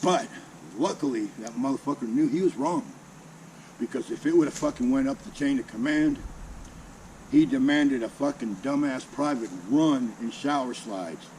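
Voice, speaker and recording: A man's voice: mid-range voice, moderate pace, slight background noise, rough recording. Profane older man spinning a yarn. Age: 60s. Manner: heavily profane, salty, animated with mimicked sounds. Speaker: channel host telling a personal story. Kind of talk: casual spoken storytelling.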